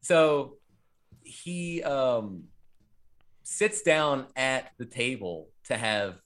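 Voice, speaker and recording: A man's voice: mid-range voice, expressive, drawn-out words, fairly bright tone. A man hosting a podcast, chatting casually about a horror movie in a rambling, profane way with lots of fillers. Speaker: podcast host.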